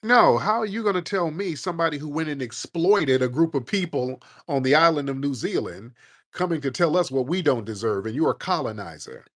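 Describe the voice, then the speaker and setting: A man's voice: a little high, animated, a little fast, fairly bright tone. A man hosting a call-in show, arguing bluntly and combatively and cursing freely. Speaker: show host. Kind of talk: heated live call-in debate.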